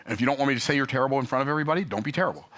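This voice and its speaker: A man telling a story and ranting about customer service, emphatic and animated with sudden pitch jumps. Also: rapid-fire. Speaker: business vlogger. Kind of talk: opinionated talking-head rant.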